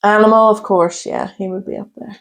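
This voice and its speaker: Gravelly woman telling stories. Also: medium pitch, brisk. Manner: animated storytelling, acts out people she met. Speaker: podcast co-host. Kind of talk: casual chat.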